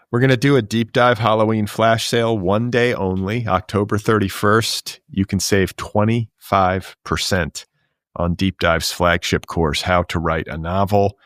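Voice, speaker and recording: A man hosting a pop culture podcast, chatting casually and reading ads in a dry, deadpan way. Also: low voice, no echo. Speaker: podcast host.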